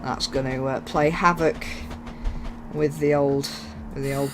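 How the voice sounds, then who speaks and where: Speaking a little slowly with fairly even intonation, a gaming YouTuber in a mid-range voice rambles through a train simulator playthrough. He jokes and teases himself, faint game sounds behind him amid background noise.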